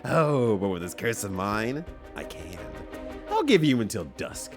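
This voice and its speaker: Dude putting on a smug sadistic villain voice, sing-songy and mean, pitch swooping everywhere. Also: male voice, sing-song, a little slow, soft background music. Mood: taunting. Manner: mocking, sing-song menace. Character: gleeful sadistic male villain taunting his enemy.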